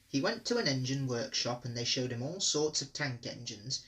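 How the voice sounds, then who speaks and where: A man reading a children's storybook aloud as narrator, with a lively, expressive delivery. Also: mid-range voice, normal speed, rough recording.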